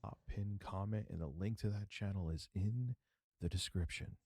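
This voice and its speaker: A man putting on a mock-sultry, breathy voice to plug his own channel. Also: low voice, dark tone. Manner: deliberately smooth, sultry and breathy. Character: male host mock-sultry ASMR self-plug voice.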